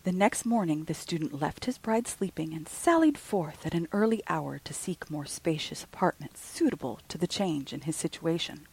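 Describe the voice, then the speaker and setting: A woman hosting a podcast, reading a ghost story aloud in a slow, hushed way. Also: deep voice, lively intonation, rough recording. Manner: slow, breathy, with soft hushed passages.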